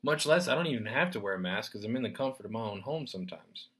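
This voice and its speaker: A man hosting a solo podcast, ranting in a profane, animated way, swinging between loud bursts and muttered asides. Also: lowish voice, fast talker. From United States. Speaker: podcast host. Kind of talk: rambling solo podcast rant.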